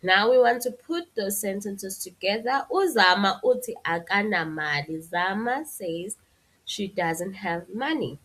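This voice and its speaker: A woman's voice: mid-range voice, lively intonation, a little slow, fairly bright tone. A woman teaching a language lesson, patiently explaining and translating example sentences. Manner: explains patiently, switching between Zulu and English with translations.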